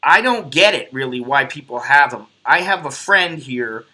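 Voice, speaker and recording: Blunt, profane man with a bright voice. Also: medium pitch, lively intonation, moderate pace. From United States. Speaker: live stream host. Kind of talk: casual rambling live stream chat.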